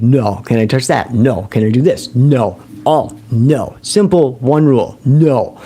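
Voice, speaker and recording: On a recovery livestream, a man with a voice on the high side keeps things casual and lively. He laughs often and answers his own questions.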